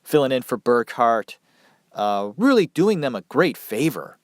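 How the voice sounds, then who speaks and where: A man with a naturally nasal voice, made thicker by a stuffy head cold, tells a story in an unhurried, casual podcast manner. He drifts into loose, profane asides. The sound is dry and close, with no room around him. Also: medium pitch, very animated, dry recording. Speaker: podcast host.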